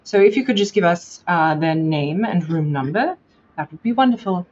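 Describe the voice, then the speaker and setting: A woman puts on a haughty British lady with a genteel, condescending way of talking, sweetly calling strangers dear and children. The voice sits fairly low, and the recording sounds dull and muffled. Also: lively intonation, normal speed, darkish tone, a little hiss or hum, lightly acted. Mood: prim. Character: prim, pompous older British lady journalist.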